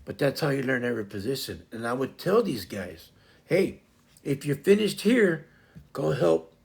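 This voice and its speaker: A man's voice: medium pitch, big pitch swings, normal speed, vocal fry. A man hosting a casual livestream, rambling through a work story and acting out both sides of the conversation. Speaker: livestream host.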